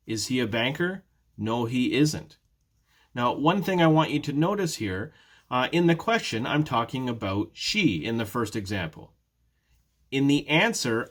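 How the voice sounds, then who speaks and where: Speaking in a mid-range, slightly bright voice, a man teaches beginner English in a prerecorded ESL lesson, patiently going step by step with repeated example sentences and demonstrating question intonation.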